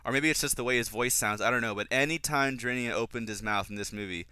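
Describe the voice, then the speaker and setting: A man giving casual fan commentary on a film, opinionated and quick to get exasperated. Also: medium pitch, bright, forceful tone, clean tone, no room sound. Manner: opinionated, flares into exasperated ranting.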